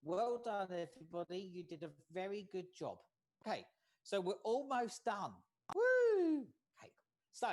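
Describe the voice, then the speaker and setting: A facilitator gives an online training lecture over a video call. The pace is measured, and nearly every point ends with a checking "okay?". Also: mid-range voice. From United States. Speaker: workshop facilitator.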